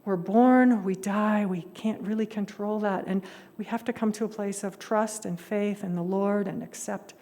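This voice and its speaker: A woman voicing a gentle, wise old male village guru, speaking softly and slowly, in an echoey hall. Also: mid-range voice, steady tone, lightly acted. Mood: gentle, consoling.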